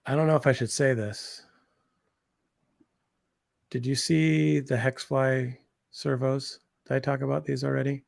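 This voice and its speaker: A man's voice: mid-range voice, level tone, measured pace, creaky, pauses often, dry recording, studio quality. A man in his thirties co-hosting a casual livestream chat, enthusiastic and rambling, full of slang and fillers. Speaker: co-host.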